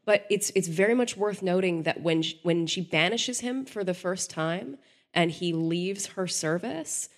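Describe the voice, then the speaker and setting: A woman's voice: lowish voice, measured pace. A woman hosting a podcast, talking through ideas in a thoughtful, analytical way with frequent restarts. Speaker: podcast host. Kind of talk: casual podcast discussion.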